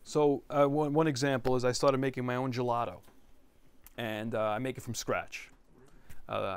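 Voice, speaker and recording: A middle-aged man, a chef, telling stories to a live audience in a bookstore in a chatty, rambling way with many restarts and asides. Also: mid-range voice. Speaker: chef giving a talk at a bookstore. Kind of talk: storytelling talk to a live audience.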